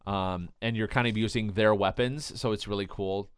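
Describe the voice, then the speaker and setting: A man co-hosting an entertainment podcast, blunt and deadpan in casual chat. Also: lowish voice, moderate pace, smooth, no room sound, clean studio sound. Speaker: podcast co-host.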